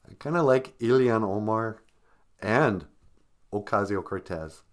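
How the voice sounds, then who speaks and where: A man's voice: on the low side, animated, measured pace. A man hosting a comic live-stream podcast, teaching language phrases in a joking, self-mocking way. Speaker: podcast host teaching Ojibwe.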